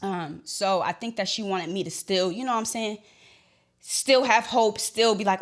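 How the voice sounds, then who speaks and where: A young adult woman hosting a podcast, telling a personal story in an animated way, acting out the dialogue and talking straight to her listeners. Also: medium pitch, normal speed. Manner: animated, reenacts dialogue, addresses listeners as y'all. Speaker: podcast host.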